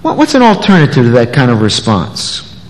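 A man preaching an expository sermon, animated, acting out the voices of the people in the passage. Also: mid-range voice, brisk. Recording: long echoey hall reverb.

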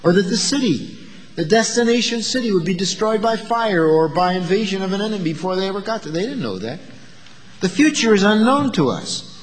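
A man preaching a sermon, asking the listeners rhetorical questions and moving between loud, emphatic lines and quiet asides. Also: sits high, animated, a little fast, long reverb tail.

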